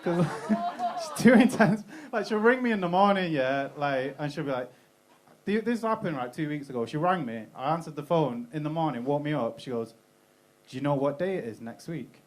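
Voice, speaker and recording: A man's voice: on the high side, lively intonation, normal speed. A young British man performing a stand-up comedy set in a club, talking casually, swearing freely and laughing at his own jokes. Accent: British English.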